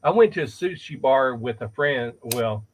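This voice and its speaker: A man's voice: medium pitch, expressive, moderate pace, a little hiss or hum, rough recording. A man chatting casually on a stream, telling a rambling story in an easygoing way. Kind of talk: casual chat.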